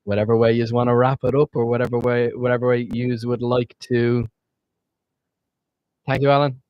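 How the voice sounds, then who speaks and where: A man's voice: mid-range voice, level tone, normal speed, clean tone, no room sound, muffled recording. A man streaming as game master, wrapping up a tabletop session in loose, rambling casual chat with frequent swearing.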